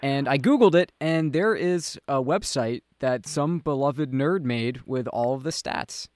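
A man's voice: mid-range voice, a little slow, darkish tone, dry recording. A male radio interviewer who asks curious, easygoing questions.

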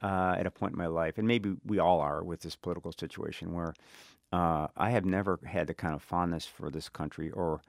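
A middle-aged man with a South Side Chicago accent and a very low voice speaks reflectively as an interview guest. He pauses and restarts his sentences as he thinks. The recording is dry and close. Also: fairly even intonation, gravelly, dry recording. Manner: thoughtful, halting, many restarts. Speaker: author guest.

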